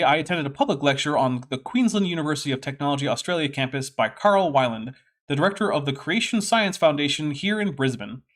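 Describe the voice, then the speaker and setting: A man's voice: a little high, fairly bright tone. Wry man hosting a casual stream. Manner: wry, sarcastic asides, reads text aloud. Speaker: host. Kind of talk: casual commentary livestream.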